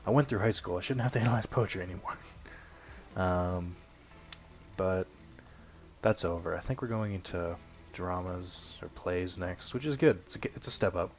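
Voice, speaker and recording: A young man with a low, deep voice chatters loosely over a game he is playing. He wanders off topic, swears casually and pokes fun at himself, clearing his throat every so often. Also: moderate pace, soft background music. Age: young adult. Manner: rambling, self-deprecating, swears casually. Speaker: let's play host. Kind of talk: casual gameplay commentary.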